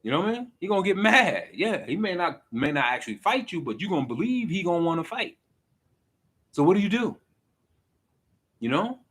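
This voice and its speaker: A man in his forties vents in a loose, exasperated vlog rant. His pitch sits a little high and swings widely, and his voice is bright and forceful. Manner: animated and exasperated, with frequent laughs. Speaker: vlogger. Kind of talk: casual rant to camera.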